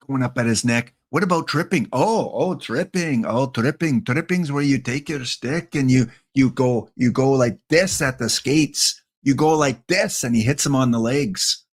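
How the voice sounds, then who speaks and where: A man putting on an exaggerated fake Canadian accent as a jokey hockey fan, tagging his lines with drawn-out "eh". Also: medium pitch, lightly acted.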